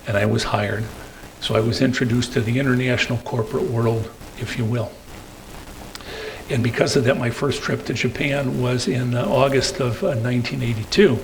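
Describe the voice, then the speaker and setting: An older man giving a rambling storytelling talk at a meeting, tagging his sentences with "okay?" and pausing on fillers. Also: mid-range voice, creaky, a little hiss or hum, rough recording. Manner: hesitant fillers between phrases. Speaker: guest speaker.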